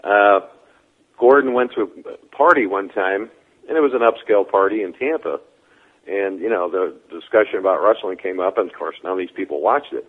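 An interview guest speaks in a low, husky voice, calling in over a thin, tinny phone line. He tells his stories in a measured, deliberate way. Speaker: guest, former wrestling figure. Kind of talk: interview storytelling.

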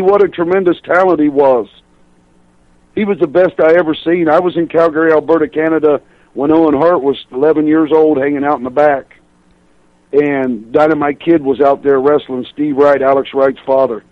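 A man's voice: on the high side, fairly even intonation, normal speed, no echo, highs cut off. A man in his sixties, a professional wrestler as a radio guest, telling chatty road stories and laughing through them. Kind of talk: radio interview storytelling.

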